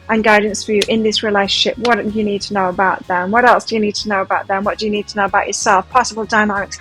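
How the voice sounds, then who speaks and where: Breathy, gushing woman reading tarot. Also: medium pitch, rough recording. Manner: gushing, emotive and chatty. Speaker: tarot card reader. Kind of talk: pick-a-card tarot reading. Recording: faint music behind. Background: soft background music.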